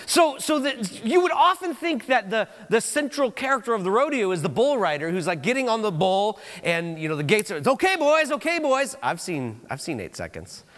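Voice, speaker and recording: A man preaching a sermon in a church, telling stories in an animated way with frequent restarts. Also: high voice, in a large hall. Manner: animated storytelling, halting restarts. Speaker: pastor. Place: church auditorium.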